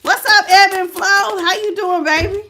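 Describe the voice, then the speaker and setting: A woman's voice: very high-pitched, fairly even intonation, normal speed, sharp tone, slight background noise. A middle-aged woman reading tarot on a livestream, chatting casually with viewers, greeting them by name and calling them baby. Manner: prayerful invocation. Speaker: tarot reader.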